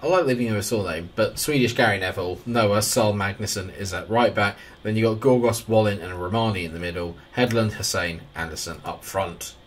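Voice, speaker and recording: Chatty gaming commentator, low voice. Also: male voice, fairly quick, hardly any pauses. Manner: chatty, excitable match commentating with wry asides. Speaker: gaming YouTuber. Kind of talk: casual gameplay commentary.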